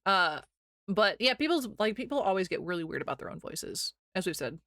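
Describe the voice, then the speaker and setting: A woman's voice: medium pitch, expressive, quick pace, a bit bright, dry recording, clean studio sound. A young woman from Missouri with a slight Missouri accent, chatting casually with her stream chat, rambling and giggly.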